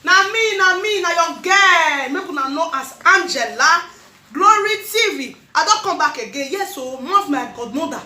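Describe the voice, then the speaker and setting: A woman speaking Nigerian Pidgin English, giving a lively birthday shout-out to camera with frequent laughter. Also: extremely high pitch, echoey room. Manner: animated, laughing often, rapid bursts. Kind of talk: excited casual monologue to camera.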